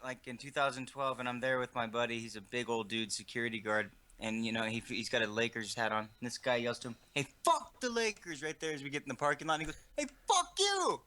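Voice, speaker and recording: A man calling into a talk show, relaxed as he tells a story. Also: medium pitch, quick pace, few pauses. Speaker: caller. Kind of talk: casual anecdote on a call-in show.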